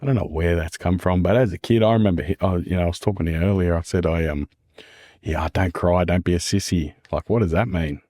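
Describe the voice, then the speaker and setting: A man's voice: low voice, quick pace, few pauses, dark tone, no room sound, clean studio sound. An Australian man talking earnestly and candidly as a podcast guest, repeating phrases and calling the listener "man" and "mate". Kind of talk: candid casual conversation.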